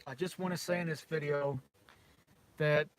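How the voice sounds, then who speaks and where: A man's voice: fairly high pitch, steady tone, moderate pace. Rambling, chuckling British man. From Britain. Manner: conspiratorial, repetitive, with frequent chuckles. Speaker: vlogger. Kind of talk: rambling monologue to camera.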